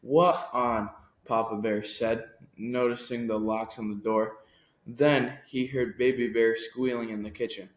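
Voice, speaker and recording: A man reading a picture book aloud with expressive storytelling and shifting pace. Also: mid-range voice, unhurried. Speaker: reader. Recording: echoey room.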